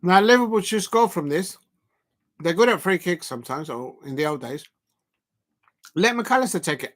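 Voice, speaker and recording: A man hosting a live football watch-along, talking haltingly with fillers and breaking into loud emphatic outbursts at the action. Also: high-pitched, lively intonation. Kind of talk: live match reaction commentary.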